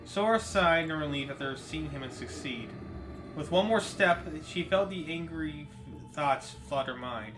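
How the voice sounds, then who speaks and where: A man's voice: on the high side, low-quality recording. A man narrating a fan audio drama in a plain storytelling way, with small reading slips. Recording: music bed under voice. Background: music.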